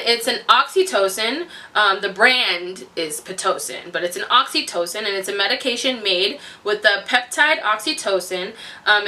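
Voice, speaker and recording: Bright, animated woman vlogger. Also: medium pitch, far from the mic. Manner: animated, laughs often, acts out quotes. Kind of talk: casual storytelling.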